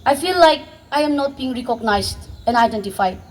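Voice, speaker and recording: A woman's voice: on the high side, expressive, a little fast, low-quality recording. A woman, addressing young viewers earnestly and passionately. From Northeast India. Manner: impassioned, exhorting, with restarts. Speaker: vlogger.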